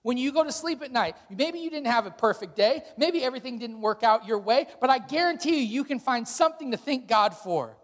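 A man's voice: very high voice, animated, fairly quick, few pauses, in a large hall. A male pastor preaching a sermon, emphatic and exhorting, posing rhetorical questions.

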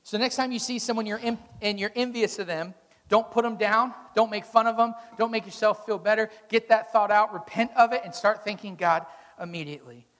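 A man's voice: sits high, steady tone, fairly quick, a bit bright, in a large hall. A male pastor preaching a sermon, emphatic and exhorting, posing rhetorical questions.

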